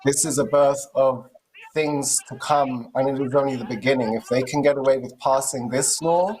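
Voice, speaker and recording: Indignant speaker, steady mid voice. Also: mid-range voice, moderate pace, low-quality recording. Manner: indignant, forceful speech. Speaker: live-stream co-host. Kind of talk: impassioned commentary.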